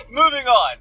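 A man's voice: very high-pitched, bright, forceful tone, husky, no echo, low-quality recording. A man co-hosting a podcast, easygoing and agreeable, leading the conversation to new topics. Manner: agreeable, easygoing, laughs often. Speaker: podcast co-host. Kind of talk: casual chat.

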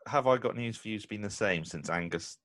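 A man with a low voice hosts a podcast and chats eagerly with his guest. His pitch rises and falls expressively. The recording is dry. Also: animated, a little fast, fairly bright tone, dry recording. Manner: chatty, enthusiastic fan. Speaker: podcast host. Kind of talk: casual interview chat.

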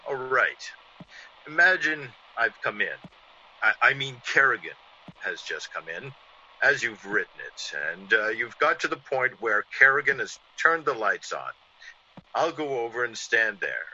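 A man's voice: mid-range voice, very animated, unhurried, bright, forceful tone, a little hiss or hum, heavily acted. An actor playing a man who acts out a vengeful ex-convict, in theatrical 1940s radio acting. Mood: coaxing. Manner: theatrical, menacing in the scene within the scene. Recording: dull lo-fi old radio recording.

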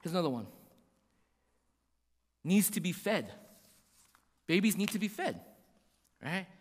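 A man preaching a sermon, animated and full of rhetorical questions, acting out little voices as he goes. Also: high voice, unhurried, husky, big-room sound. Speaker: pastor.

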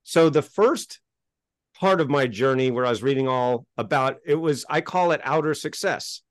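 A middle-aged man telling his story as a podcast guest, animated and emphatic, and he gets worked up as he talks. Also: mid-range voice, normal speed, no room sound, clean studio sound. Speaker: interview guest.

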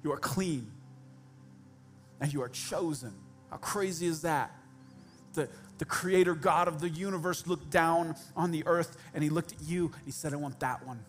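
A man's voice: on the high side, normal speed, soft background music. A man preaching a sermon as pastor, speaking directly and conversationally to his congregation with humorous asides.

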